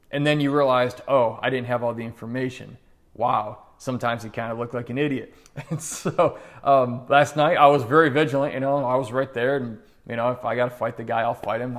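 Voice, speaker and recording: A middle-aged man telling a personal story in an earnest, conversational way, acting out the voices in it. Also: medium pitch. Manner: conversational, earnest, animated retelling with quoted voices. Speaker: motivational speaker. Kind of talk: storytelling monologue.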